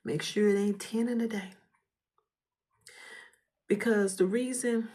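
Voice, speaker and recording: A woman giving an emotional spoken testimony in a fervent, preacher-like way, often dropping to a hushed whisper while holding back tears. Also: mid-range voice, steady tone, takes it slowly, long pauses. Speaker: vlogger sharing a testimony.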